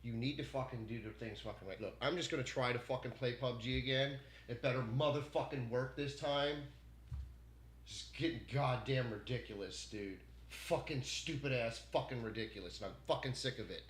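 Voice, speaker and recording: A man streaming from home, ranting furiously with constant swearing, swinging from shouting to low muttering. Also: moderate pace. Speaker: gaming streamer. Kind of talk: angry rant while streaming. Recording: echoey room with faint background noise.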